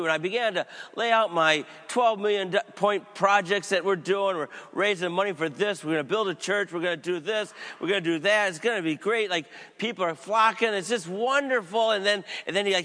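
A middle-aged male pastor preaching a sermon and telling a story, swinging from loud emphatic passages to quiet low ones. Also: a little fast, hardly any pauses, in a large hall.

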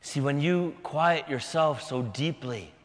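A man preaching a sermon in a dramatic manner, swinging from shouting to hushed whispers. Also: fairly high pitch, slow pace, in a large hall.

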